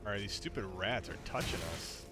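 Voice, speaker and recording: A man's voice: fairly low pitch, lively intonation, a little fast, bright, forceful tone, faint music behind. A man streaming a game, exclaiming in panic and joking with his AI companion. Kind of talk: casual game commentary.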